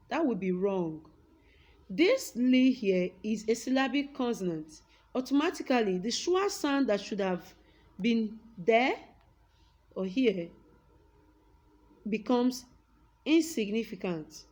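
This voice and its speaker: A young woman with a Nigerian English accent teaching a class. She repeats example words aloud and stretches words slowly to stress a point. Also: fairly high pitch, animated, a little mellow. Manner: slow, drawn-out words when stressing a point. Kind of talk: classroom lesson with a whiteboard.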